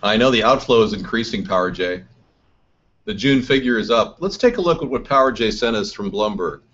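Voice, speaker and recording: A man's voice: on the low side, animated, a little fast, fairly bright tone, breathy edge. A man hosting a live political chat show, reading chat comments aloud and answering them combatively. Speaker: host. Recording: dull lo-fi stream audio.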